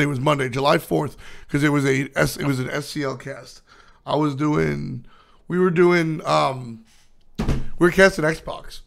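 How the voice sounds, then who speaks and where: A young man with a hoarse, still-recovering voice, rambling casually to his stream chat, with lots of fillers. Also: fairly high pitch. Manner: rambling, filler-heavy storytelling. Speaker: esports caster streaming to chat.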